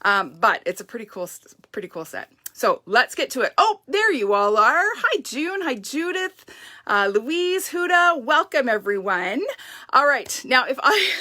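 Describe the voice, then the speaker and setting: A woman's voice: high voice, very animated, measured pace, pushed and bright. A woman hosting a casual live stamping craft demo, chatty and upbeat, greeting viewers by name. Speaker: stamping craft demonstrator, host.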